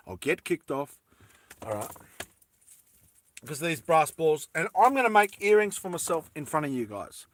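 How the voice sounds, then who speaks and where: A man's voice: fairly high pitch, a bit bright. A man chatting casually and playfully with live viewers while he makes earrings, joking and giggling often. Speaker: live streamer making jewellery. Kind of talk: casual live-stream chat while crafting.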